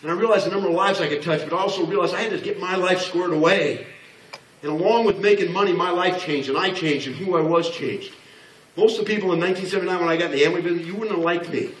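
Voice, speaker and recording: Fast-talking and high-pitched with a fairly bright tone, a man in his sixties gives a motivational business talk that's blunt and joking, acting out the voices he quotes. The setting is a large hall with an audience, and the distant mic catches plenty of echo.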